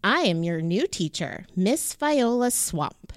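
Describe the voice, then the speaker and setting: A woman's voice: medium pitch, sing-song, dry recording, clean studio sound. Woman doing a hissing, nasty schoolteacher. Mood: stern. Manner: hissing, snapping, slow and clipped. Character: stern, nasty female schoolteacher, a witch-like bully.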